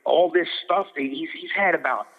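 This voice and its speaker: A man's voice: a little high, moderate pace. Rambling middle-aged man on a tinny line. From Philadelphia. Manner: rambling, many restarts, acts out quotes. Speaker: boxing cutman, guest. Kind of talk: casual interview storytelling. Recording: phone-like line with long reverb.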